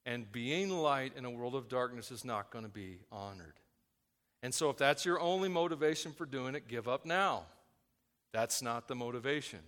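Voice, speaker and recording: A man preaching a sermon as a pastor, swinging from loud emphatic points to quiet asides. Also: medium pitch, lively intonation, moderate pace, long reverb tail.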